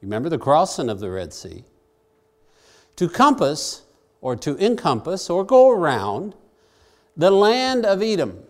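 A man's voice: fairly high pitch, huge pitch swings, measured pace, pauses often. A man preaching a sermon, reading scripture aloud and explaining it in plain everyday words. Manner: varies pace, drawing out key phrases and speeding up asides.

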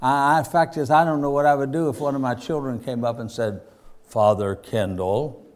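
A man preaching a sermon, slow and deliberate, rising to emphatic points. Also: medium pitch, fairly even intonation. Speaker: pastor.

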